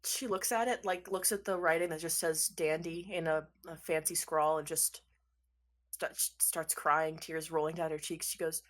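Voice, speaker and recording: A woman's voice: low voice, fairly even intonation, moderate pace, a bit bright. A woman game master narrating a tabletop game in a casual way, with laughing asides and the odd swear.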